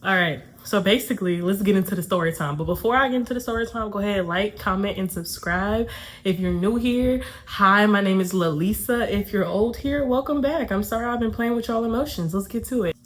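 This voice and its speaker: A young woman from Atlanta hosts a laid-back storytime video. She talks in an easygoing, chatty way at a middle pitch. Nervous little laughs keep slipping between her sentences. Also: fairly quick. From Atlanta, USA. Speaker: YouTuber. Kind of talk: casual storytime vlog.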